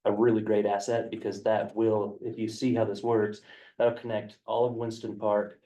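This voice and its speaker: A man's voice: on the low side, flat delivery, normal speed, mellow, distant mic, rough recording. A man on county staff explaining a development proposal at a work session, hesitant and full of fillers, in a meeting room. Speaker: county planning staff presenter.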